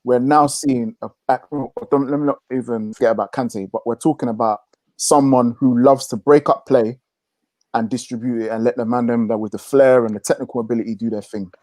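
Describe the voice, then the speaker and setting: A man with a mid-pitched voice gives measured, enthusiastic football analysis on a remote podcast call. The sound is dry and close. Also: steady tone, darkish tone, dry recording. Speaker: podcast panelist. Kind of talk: casual football podcast chat.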